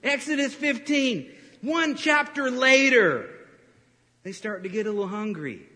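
A man preaching a sermon as pastor, animated and storytelling, breaking into laughs and acting out quotes. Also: very high-pitched, a little slow. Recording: reverberant hall.

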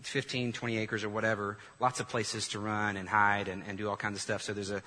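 A male pastor delivers an animated sermon in a bright, somewhat husky voice. His words ring out with a long reverb in a church hall. He draws the congregation in, asking them to repeat lines back to him. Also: on the low side, a little fast.

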